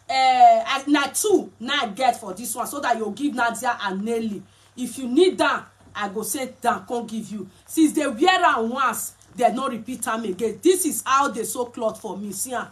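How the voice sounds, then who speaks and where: A woman with a Nigerian accent chatting casually as a vlogger while explaining and showing clothes. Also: on the high side. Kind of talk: casual chat.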